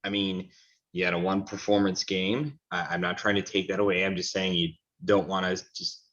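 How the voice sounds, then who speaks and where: A man's voice: low voice, little pitch movement, normal speed, fairly bright tone, muffled recording. A man co-hosting a soccer talk show, giving frank, opinionated takes in a rambling casual way. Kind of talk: casual sports chat.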